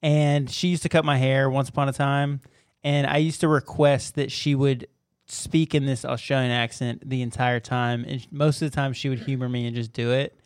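A man co-hosting a casual podcast, upbeat and laughing often as he shouts out friends. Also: mid-range voice, little pitch movement, moderate pace, smooth, no room sound, studio quality. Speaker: podcast co-host. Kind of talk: casual chat. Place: temporary recording space with noise behind.

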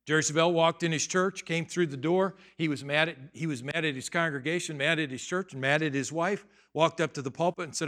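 Middle-aged male pastor, bright forward voice, chatty sermon delivery with emphatic outbursts. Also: a little high, brisk, hardly any pauses. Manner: conversational, swings from quiet asides to loud emphatic bursts. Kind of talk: sermon with personal story.

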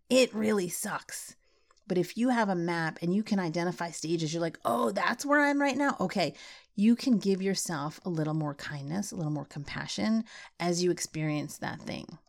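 Animated middle-aged woman podcast host. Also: on the low side. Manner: animated, gets worked up. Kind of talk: casual podcast monologue.

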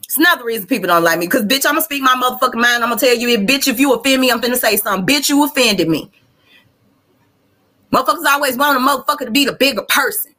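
Woman, Southern US accent, podcast host, blunt profane rant, bright tense voice, somewhat high. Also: expressive, fast talker. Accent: Southern US (Arkansas). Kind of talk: livestream rant.

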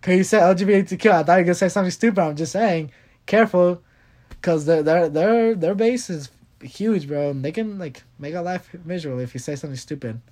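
A young man co-hosts a casual podcast, bickering with his brother, laughing a lot and repeating himself. His voice sits high, a little mellow, and moves fairly quickly.

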